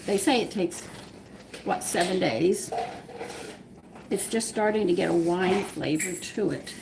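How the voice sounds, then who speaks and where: Host, woman, gravelly voice, chatty cooking demo, noisy kitchen with pots clattering. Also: lowish voice. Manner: chatty, explains steps while working dough by hand. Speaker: home cooking show host. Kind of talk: live-stream cooking demonstration. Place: home kitchen.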